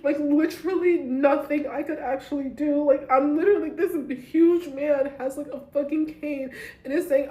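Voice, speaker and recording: Shaken young woman venting to camera, kinda high voice, lots of likes, echoey room. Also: fairly even intonation, warm tone. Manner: shaken, talks fast with many likes and restarts. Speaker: vlogger. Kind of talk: emotional personal story to camera.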